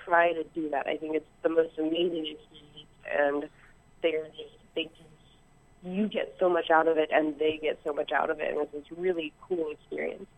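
A woman calling in to a show, talking excitedly and rambling with lots of ums, heard over a phone-like internet line. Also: deep voice, moderate pace. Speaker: caller. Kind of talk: call-in chat.

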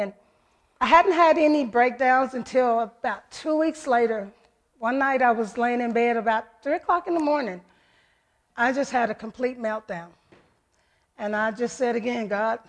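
A woman giving an earnest, heartfelt personal testimony to her church, retelling events through many quoted voices. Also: fairly high pitch. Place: church service.

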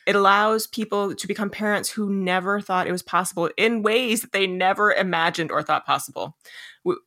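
Woman, podcast host, bright tense tone, dry sound, upbeat intro. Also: medium pitch, a little fast, no room sound. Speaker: podcast co-host, agency director.

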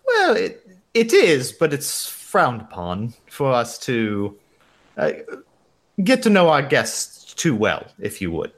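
A man's voice: medium pitch, huge pitch swings, slow, a bit bright, heavily acted. A man voicing a polite young female hotel receptionist in a mock German accent, formal and apologetic. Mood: prim.

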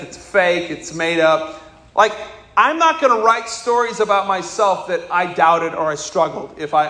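A man's voice: sits high, a bit bright, roomy sound. A man preaching a sermon with passion, asking the congregation direct questions and crying out when he quotes the anguished father. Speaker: pastor.

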